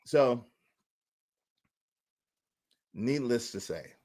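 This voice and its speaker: A man hosting a livestream show, telling a story as an animated rant, indignant and incredulous, repeating phrases and bursting into loud outbursts. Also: medium pitch, very slow.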